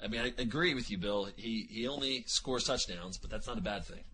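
A man's voice: on the low side, fairly quick, bright, forceful tone, slight background noise, rough recording. A man co-hosting a fantasy football call-in radio show, giving advice in an easygoing, conversational way. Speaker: radio co-host.

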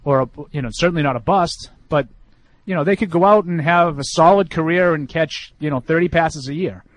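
A man's voice: on the high side, a little fast, no echo. A man co-hosting a casual sports talk show, rambling with many fillers and restarts as he argues. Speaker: podcast co-host.

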